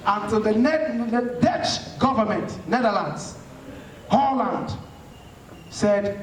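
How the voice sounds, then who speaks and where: A man's voice: high-pitched, slow, a little hiss or hum. A man from Ghana giving an impassioned, rhetorical talk to an audience in a hall, answering questions. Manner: fiery, rhetorical, preaching tone. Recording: echoey hall from far off.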